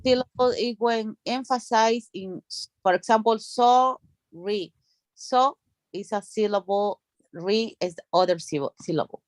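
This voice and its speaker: Spanish-speaking lady learning english, halting, fixes herself a lot, dry close sound. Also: medium pitch, dry recording. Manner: hesitant, halting, broken English with self-corrections. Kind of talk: live online English lesson.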